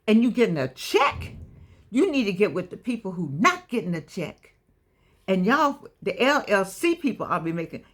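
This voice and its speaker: Preachy woman with rising emphatic bursts. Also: mid-range voice. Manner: preachy, repeats herself, wanders off mid-thought; sudden emphatic stretched-out words. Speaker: online motivational speaker. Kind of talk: casual direct-to-camera talk.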